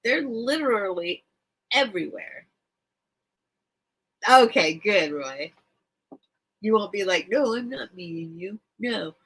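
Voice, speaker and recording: Slow-talking bright-voiced woman chatting live. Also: medium pitch, lively intonation, husky. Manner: emotional, rambling, repeats herself. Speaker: live-stream seller and host. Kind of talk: casual live-stream chat with viewers.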